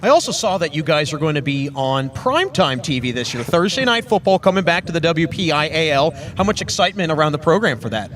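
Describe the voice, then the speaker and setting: A man's voice: fairly high pitch, sing-song, fast, few pauses, fairly bright tone. A man hosting a sports show, asking polished, upbeat interview questions.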